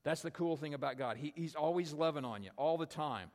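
Guy preaching a sermon, chatty storyteller, keeps tossing in "right?", voice a bit high, big echoey hall. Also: a little fast, darkish tone. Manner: conversational storytelling, frequent "right?" tag questions. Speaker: pastor.

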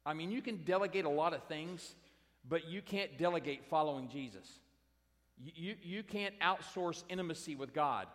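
A male pastor delivering a sermon with a somewhat high-pitched voice. He speaks emphatically and talks straight to the congregation, circling back to his key lines. His voice carries a long reverb in a church sanctuary. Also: normal speed, a bit bright. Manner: emphatic, repeating key phrases, direct address to congregation.

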